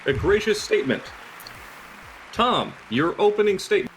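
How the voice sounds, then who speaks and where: A man moderates a mock debate in a formal, announcer-like way. His voice sits notably high for a man. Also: animated, moderate pace, slight background noise. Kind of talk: mock political debate on voice chat.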